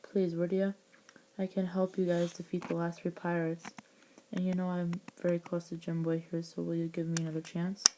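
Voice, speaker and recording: A scheming pirate cook, sly and coaxing, as a woman reads him in her own voice. The tone is low and mellow and stays level, like the rest of her storybook reading. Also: completely flat delivery, normal speed, a little hiss or hum, close to an everyday voice, poor audio.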